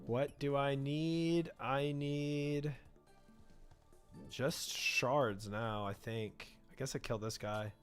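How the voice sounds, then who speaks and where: A man's voice: mid-range voice, steady tone, slow pace, clear, resonant tone, soft background music. A man streaming a game, chatting casually with his chat and rambling, then trailing off into mumbled talk about the game. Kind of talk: casual gameplay chat reading chat.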